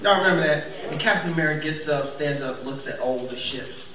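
A young comedian works a laughing club crowd at a fairly quick pace, voicing characters with dramatic pitch leaps in an animated set. The recording is echoey, the mic sits far off, and audience laughter fills the background.

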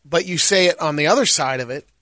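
A man co-hosting a casual chat, interjecting short remarks and measured points. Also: fairly high pitch, sharp tone.

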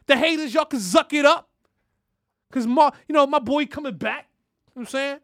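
A man's voice: very high voice, a little fast, fairly bright tone, no room sound, clean studio sound. A man hosting a podcast in a brash, profane casual rant, constantly asking "you know what I'm saying". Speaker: podcast host.

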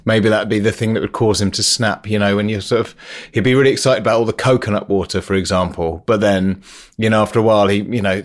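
A man hosting a podcast, thinking aloud in a relaxed, musing way with fillers. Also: fairly low pitch, quick pace. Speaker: podcast host. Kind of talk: casual interview chat.

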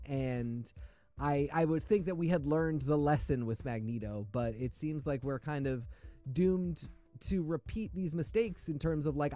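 A man hosting a casual comics discussion, giving thoughtful, measured opinions. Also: a little high, warm tone, no echo. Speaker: host.

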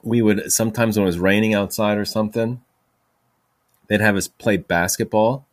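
A man's voice: on the low side, steady tone, moderate pace, dry recording. A man hosting a podcast, telling stories in a rambling way with many fillers and restarts. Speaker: podcast host. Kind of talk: casual storytelling monologue.

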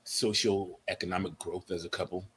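A man in his forties co-hosting a casual podcast chat, relaxed and joking with slangy asides. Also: low voice, moderate pace, slight background noise. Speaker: podcast co-host.

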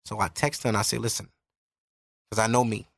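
A man's voice: fairly low pitch, little pitch movement, a little fast, creaky, fairly bright tone, no echo, studio quality. Candid, profane young man on a podcast. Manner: candid and profane, earnest advice. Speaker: podcast host. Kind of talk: casual podcast monologue.

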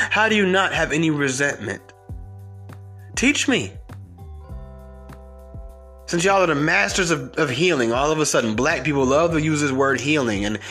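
A man's voice: fairly high pitch, bright, forceful tone. A man hosting a podcast, delivering a heated, profane, confrontational rant. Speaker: podcast host. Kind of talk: ranting monologue.

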